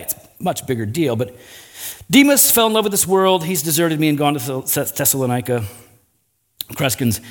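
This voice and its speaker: A male pastor giving a conversational sermon, telling a personal story with casual asides. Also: fairly high pitch.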